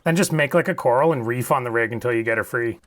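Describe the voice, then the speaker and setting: A man's voice: medium pitch, fast talker, fairly bright tone. A man narrating his own home repair tutorial as a dubbed voice-over, joking and mocking himself in slangy terms. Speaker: DIY channel host.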